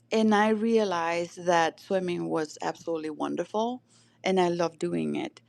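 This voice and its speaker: Low, gravelly Chilean woman guest. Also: a little mellow. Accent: Chilean Spanish. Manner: reflective, storytelling, many fillers. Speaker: podcast guest. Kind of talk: casual conversation.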